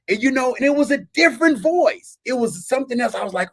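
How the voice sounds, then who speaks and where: A man's voice: very high-pitched, animated, brisk, hardly any pauses, a bit bright, dry recording. A man hosting a podcast, introducing a guest in a heartfelt, earnest way. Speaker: host.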